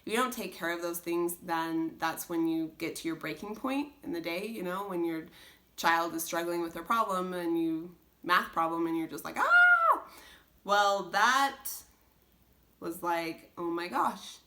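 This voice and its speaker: A woman's voice: fairly low pitch, moderate pace, sharp tone. A young woman talking casually as a homeschooling mom, earnest and rambling, full of restarts and "like". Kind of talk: casual chat.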